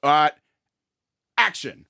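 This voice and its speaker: A man playing a fussy, flattering male film director who hedges and gives vague notes. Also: slow, dry recording, studio quality. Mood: placating. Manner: hesitant, placating, vague notes.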